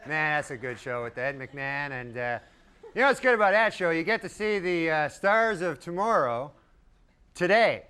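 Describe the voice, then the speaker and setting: A man doing a stand-up routine in a deadpan, rambling way, chuckling at his own jokes. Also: on the high side, moderate pace, clear, resonant tone. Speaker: stand-up comedian. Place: comedy stage with a live audience. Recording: live stage recording with loud crowd and noise.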